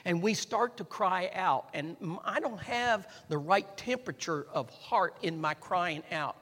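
A man preaching a sermon, repeating phrases and building up to shouts, and calling on the congregation to respond. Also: sits high, a little slow. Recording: long hall reverb.

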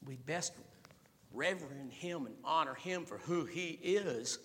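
A man preaching a sermon as pastor, dropping his voice low and then building up to loud, emphatic exhortation. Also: a little slow, long reverb tail, slight background noise.

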